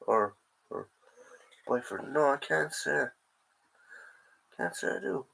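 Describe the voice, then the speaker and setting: A man's voice: mid-range voice, measured pace, gravelly, long pauses, a bit bright, low-quality recording. An Irish man with a sore throat hosting a casual live stream, rambling and answering chat comments as he goes.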